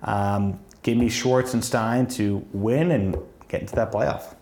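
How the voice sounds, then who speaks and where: A man's voice: on the low side, fairly even intonation, measured pace, a little mellow, a little hiss or hum. A man co-hosting a fantasy football podcast, talking through matchups in a chatty, analytical way with frequent ums. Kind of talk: casual sports chat.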